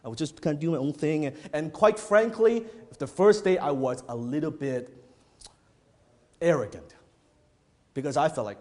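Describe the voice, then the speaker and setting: A male business speaker addressing a live audience, his pitch swinging widely as he tells his stories. He talks bluntly, swears casually and repeats phrases for emphasis. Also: normal speed, pauses often. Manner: animated storytelling, blunt and profane, repeats phrases. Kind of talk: motivational talk to a live audience. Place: event hall before an audience.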